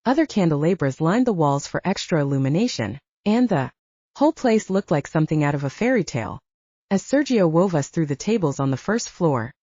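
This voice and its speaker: Low, expressive woman narrator. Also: no echo. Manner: expressive storytelling. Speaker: audiobook narrator. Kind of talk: scripted narration. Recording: dull dry audiobook recording.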